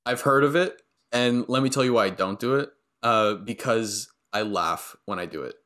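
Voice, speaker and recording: A man hosting a casual interview, easygoing, with halting restarts. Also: on the low side, bright, forceful tone. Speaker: podcast host.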